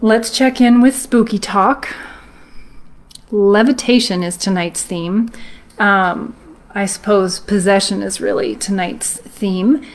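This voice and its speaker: A woman hosting a live stream, reading a ghost story aloud in a steady, measured storytelling way. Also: medium pitch. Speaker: host.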